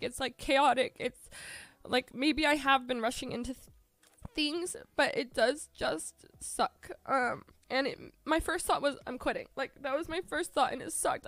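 A tearful woman streamer talking to her chat, halting and full of fillers. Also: sits high, fairly bright tone, dry recording. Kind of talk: emotional talk to chat.

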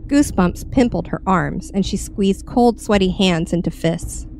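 A woman reading a horror story with measured, expressive narration. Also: mid-range voice, gravelly, faint music behind. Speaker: story reader.

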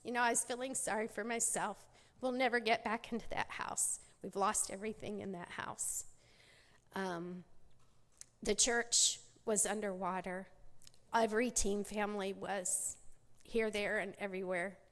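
At a church women's conference, a middle-aged woman shares her personal testimony as a speaker, telling her story with many restarts and acting out quoted voices. Her medium-pitched voice is fairly even in intonation, a bit bright, and a little slow. The church sanctuary lends a long hall reverb.

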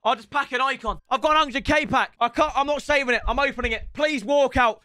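A young man streaming a football video game, chatting to the lads in cheeky banter and breaking into loud outbursts. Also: extremely high pitch, fast talker, smooth, no room sound, clean studio sound. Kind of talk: gaming stream commentary. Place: home room with builders' noise outside. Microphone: headset.

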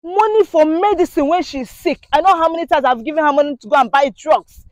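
A woman's voice: sits high, a little fast, no echo. A woman giving an indignant, preachy monologue to her viewers, full of rhetorical questions. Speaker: vlogger. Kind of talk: impassioned monologue to camera.

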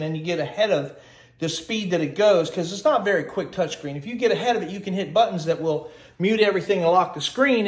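A man filming a casual, folksy how-to walkthrough by his kitchen refrigerator on a handheld phone, chatting and grumbling as he goes. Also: sits high. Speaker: home how-to vlogger. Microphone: handheld phone camera. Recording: echoey room.

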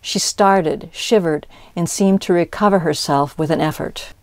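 A woman reads a classic story aloud with measured, expressive narration. Her voice sits on the low side, and the recording is dry and close. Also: no room sound. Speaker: audiobook reader. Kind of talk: scripted narration.

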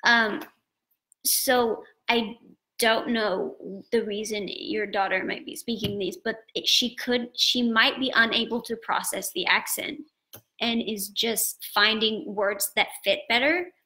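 A woman's voice: a little high, fairly even intonation, takes it slowly, sharp tone, low-quality recording. A woman guest on a live-stream conversation, speaking earnestly and thinking aloud over a video call.

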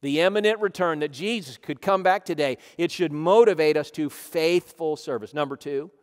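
A man from Ohio, a pastor preaching a sermon emphatically, often saying "listen" and swinging between loud and soft. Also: fairly high pitch, moderate pace, in a large hall. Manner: emphatic preaching, repeating "listen", rising and dropping volume. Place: church sanctuary.

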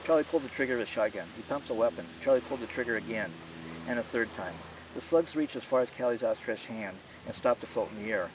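A male author narrating his novel in a steady, measured reading. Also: medium pitch, distant mic, noisy background. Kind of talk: audiobook narration.

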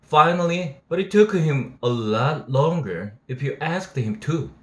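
A man's voice: a little high, expressive, measured pace. A man, an English teacher reading a novel aloud steadily and voicing its dialogue. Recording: roomy echo.

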